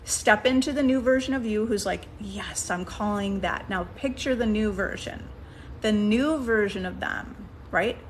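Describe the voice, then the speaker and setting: Woman, manifestation coach, casual coaching talk, coaxing, thinks aloud, a little high-pitched. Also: normal speed, a little hiss or hum. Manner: coaxing, checks in with frequent "okay?" and "right?"; restarts sentences while thinking aloud.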